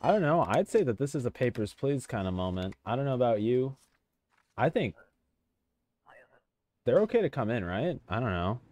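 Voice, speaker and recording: A man giving casual let's-play commentary as a streamer, excitable, joking and easily sidetracked. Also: mid-range voice, moderate pace, long pauses, no room sound. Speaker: gamer streamer.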